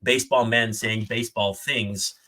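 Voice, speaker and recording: A man co-hosting a sports podcast in casual chat, with a bright, forceful voice. He is joking and enthusiastic, running through details in a chatty way. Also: fairly low pitch, steady tone, moderate pace, a little hiss or hum. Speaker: podcast co-host.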